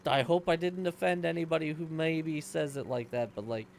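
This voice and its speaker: A man's voice: fairly high pitch, normal speed, vocal fry, slight background noise. A man streaming himself playing a game, chatting casually and rambling in answer to his chat. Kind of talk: casual gameplay commentary.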